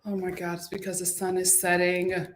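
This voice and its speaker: A woman's voice: fairly low pitch, completely flat delivery, moderate pace, a little hiss or hum. A woman hosting a casual live stream from home, chatting and reading viewer comments aloud.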